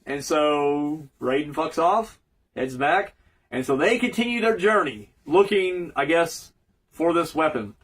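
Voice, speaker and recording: A man's voice: a little high, animated, a little slow, fairly bright tone, rough recording. A man giving a rambling, profane, joking casual recap of a cartoon episode as a reviewer.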